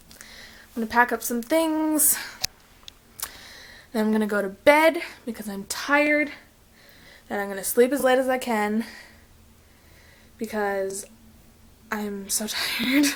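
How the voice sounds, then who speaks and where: A woman's voice: a little high, poor audio. A young woman chatting casually in a vacation vlog, rambling along with lots of "um" and "like". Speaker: vlogger.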